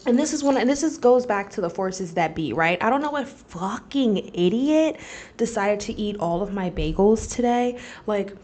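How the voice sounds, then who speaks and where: A young woman chats casually as a podcast host, animated and full of laughs and curse words. She speaks at a middle pitch. A faint hum of room noise sits behind her. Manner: animated, swearing, laughing, talks to viewers as "girl". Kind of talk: casual storytelling chat. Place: library study room.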